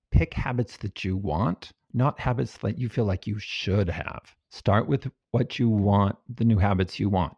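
Low gravelly man, calm explainer. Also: normal speed, hardly any pauses, dry recording. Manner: calm, patient, explains with everyday examples. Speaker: guest, habits researcher. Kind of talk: explaining methods in an interview. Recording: dull, dry, lo-fi sound.

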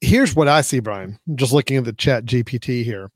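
A man's voice: mid-range voice, moderate pace, dry recording, clean studio sound. A man co-hosting a casual tech chat, rambling with many restarts and laughing easily. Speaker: co-host.

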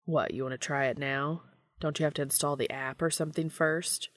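A woman's voice: sits low, steady tone, brisk, no room sound, studio quality, lightly acted. Woman voicing a wry, joking man.

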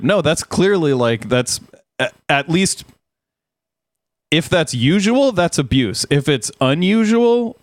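A man's voice: a little high, animated, slow, no room sound. A man co-hosting a podcast, chatting wryly and laughing while sketching joking scenarios. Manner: wry, laughing, tells mock scenarios. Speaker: podcast co-host. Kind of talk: casual reaction chat.

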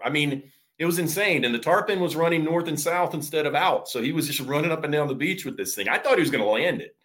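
A man's voice: a little high, a bit bright. A man from Florida who guides surf fishing charters, giving easygoing interview answers full of fillers and restarts. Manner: easygoing, explains with many fillers.

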